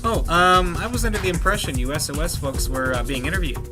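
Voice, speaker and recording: A man voicing a bubbly, eager young woman reporter in a high, bright voice. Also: quick pace, over music, close to an everyday voice.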